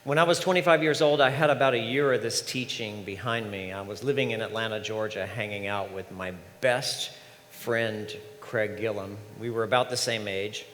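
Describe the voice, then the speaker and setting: A man's voice: fairly low pitch, moderate pace, fairly bright tone. Man preaching a story-filled sermon in a hall. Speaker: minister. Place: large church sanctuary. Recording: reverberant hall, faint ambience.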